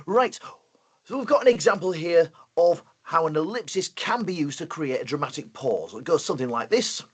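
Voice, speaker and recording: A man with a Yorkshire accent presenting a playful, excitable live online lesson for primary school children. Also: a little high, moderate pace, husky.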